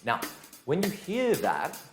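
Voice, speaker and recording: A man teaching a dance lesson in a casual, energetic way, counting beats aloud. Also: on the high side, slow. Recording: echoey room with music behind.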